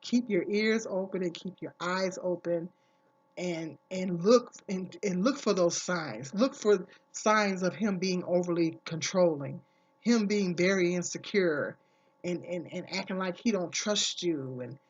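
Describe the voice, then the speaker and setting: A woman's voice: fairly low pitch, unhurried, husky, muffled recording. Earnest woman vlogger, repeating herself. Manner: earnest, emphatic, repeats key phrases. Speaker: vlogger giving advice. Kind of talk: casual talk to camera.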